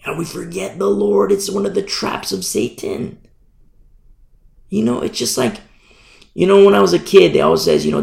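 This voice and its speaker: Gravelly, animated male preacher. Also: fairly high pitch, brisk. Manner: animated, repeats phrases for emphasis. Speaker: pastor. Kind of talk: sermon Bible study. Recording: echoey room.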